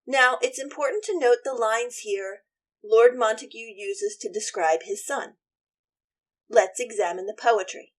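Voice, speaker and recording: A woman's voice: on the high side, a little slow. A woman teacher and podcast host retelling a play in a chatty, opinionated way and voicing all the characters herself. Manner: chatty, opinionated, plays every part. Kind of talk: casual literature lesson retelling.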